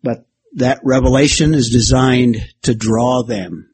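A man's voice: medium pitch, steady tone, measured pace, darkish tone, husky. A man preaching and teaching through a Bible passage verse by verse, building an alliterative outline on a board and bantering with his listeners. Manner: expository, uses a whiteboard and alliteration, jokes with the class. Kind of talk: sermon-style Bible teaching.

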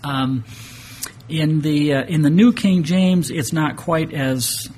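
A man's voice: fairly high pitch, slow, a little mellow. A man preaching an expository Bible lesson in a conversational way, often restarting phrases and asking the congregation rhetorical questions. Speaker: pastor. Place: church sanctuary with projected map.

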